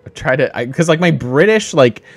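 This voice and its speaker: A man's voice: a little high, lively intonation, a little fast, dry recording, soft background music. A man hosting a strategy game let's play, thinking aloud in casual commentary, often laughing at himself.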